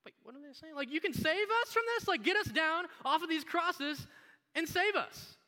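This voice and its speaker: A man's voice: extremely high pitch, moderate pace, pushed and bright, voice pushed up, full character voice. A man voicing a desperate condemned criminal who frantically pleads to be saved. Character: desperate crucified male criminal. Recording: long hall reverb.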